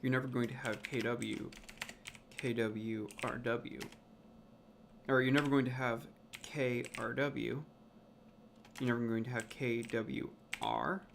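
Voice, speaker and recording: Slow, gravelly man thinking aloud. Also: mid-range voice, animated, slight background noise. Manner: muttering, sounding out made-up words over and over, swearing. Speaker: language creator. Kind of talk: thinking aloud while working.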